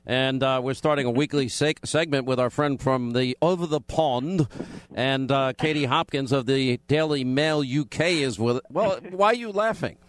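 A man hosting a radio talk show in a bantering, combative, quick-witted manner from a studio. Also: medium pitch.

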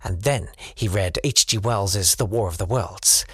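A man's voice: lowish voice, unhurried, a bit bright, husky, dry recording. A man co-hosting a comic history podcast, telling a story playfully and slipping into silly voices. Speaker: podcast co-host.

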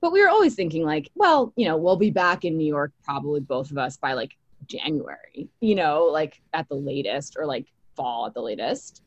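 A woman's voice: low-pitched, very animated, normal speed, dry recording. Chatty young woman, dull dry sound. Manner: chatty, many fillers, laughs easily. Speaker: podcast guest. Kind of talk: casual chat.

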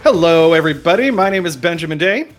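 A man's voice: a little high, expressive, fast, faint music behind. A man hosting a podcast, chatting casually in a jokey, rambling way with restarts. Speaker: podcast host.

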